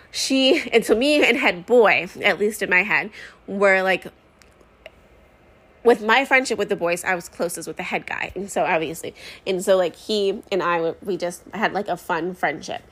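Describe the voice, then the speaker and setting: A woman's voice: on the low side, a bit bright. A pregnant woman in her thirties hosting a casual talk show, telling a long story in a chatty, rambling way with many fillers and asides. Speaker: podcast host.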